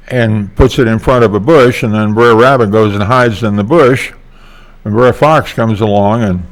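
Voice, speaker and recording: An older man talking in a casual vlog monologue, meandering and hesitant with many fillers. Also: fairly low pitch. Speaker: vlogger.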